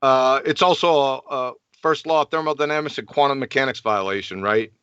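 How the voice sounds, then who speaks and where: A man's voice: medium pitch, fairly quick, a bit bright, clear, resonant tone, no room sound, muffled recording. A man presenting his slides on a group call, assertive and lecturing.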